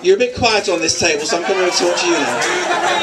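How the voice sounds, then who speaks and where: Talking fairly quickly with a high voice and wide pitch swings, a middle-aged man teases the guests in a humorous father-of-the-bride speech. It's captured from a distance at the wedding reception hall, amid the sound of guests chattering and laughing.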